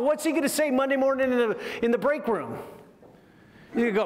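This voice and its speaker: A man teaching a leadership communication course to military officers, lively and full of rhetorical questions. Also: extremely high pitch, brisk. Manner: lively, asks the audience frequent rhetorical questions. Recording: echoey hall with long reverb.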